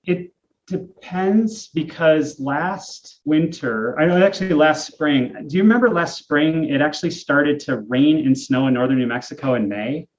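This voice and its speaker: A man's voice: a little high, unhurried. A man co-hosting a podcast, explaining climate patterns in a casual, thinking-aloud way with many fillers. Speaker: podcast co-host, climate expert. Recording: echoey, dull lo-fi remote audio.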